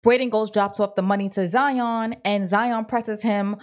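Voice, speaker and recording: A woman's voice: mid-range voice, steady tone, measured pace. A woman giving a casual, opinionated recap of a TV episode, talking in slang and acting out the characters' lines. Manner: opinionated and blunt. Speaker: TV recap vlogger.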